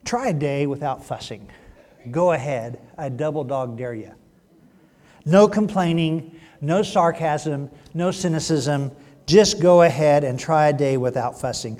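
A man preaching a sermon in a church, joking and teasing, then dropping to a hushed voice. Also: on the high side, measured pace. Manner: playful, teasing, swings from loud to hushed. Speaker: pastor. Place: church sanctuary.

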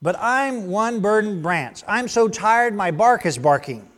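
A man's voice: high voice, animated, unhurried, fairly bright tone, voice pushed up. A man voicing a tired grapevine branch that complains about its burden. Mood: weary. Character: weary, punning grapevine branch.

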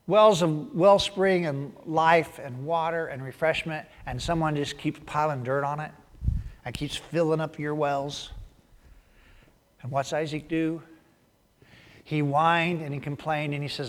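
A man's voice: fairly high pitch, measured pace. Preacher man in a reverberant hall. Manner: animated storytelling, swinging from loud bursts to hushed asides. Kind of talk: sermon.

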